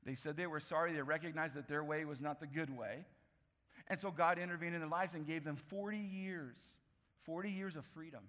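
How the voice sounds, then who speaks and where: A man preaching a sermon, telling a Bible story with lively, acted-out voices and frequent laughs. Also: fairly high pitch, brisk. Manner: animated storytelling, acts out voices, laughs often. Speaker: pastor. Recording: echoey hall recording.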